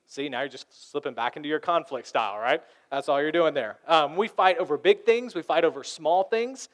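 A man pastor preaching a lively sermon, acting out the voices of arguing people. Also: fairly high pitch, fairly quick.

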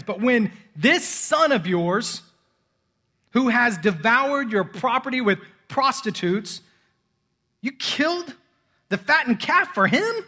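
A man's voice: extremely high pitch, sharp tone, long reverb tail, pitched above the performer's own voice, heavily acted. A man reading aloud as a resentful older brother, his delivery aggrieved and accusing.

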